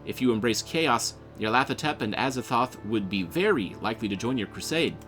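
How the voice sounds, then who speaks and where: A man's voice: mid-range voice, lively intonation, brisk, a bit bright, faint music behind, close to an everyday voice. A man voicing a cheerful, overly friendly male AI assistant program in a game. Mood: earnest. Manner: chirpy, overly friendly, calls the player friend.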